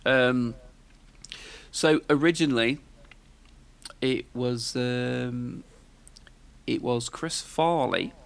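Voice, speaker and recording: A man's voice: medium pitch, extremely slow, gravelly, long pauses, smooth. A man, hosting a podcast in casual, rambling chat and tossing questions to his co-host. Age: 40s.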